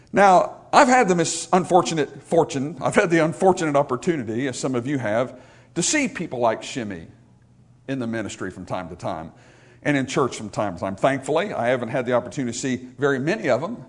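A man's voice: medium pitch, expressive, brisk. A male pastor preaching a sermon, emphatic and repetitive, calling out for amens from the congregation.

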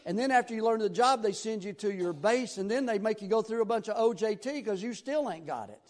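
High-voiced Southern pastor preaching. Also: male voice, expressive, a little fast. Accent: Southern American. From Tennessee. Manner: folksy, rambling storyteller with sudden loud bursts. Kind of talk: sermon.

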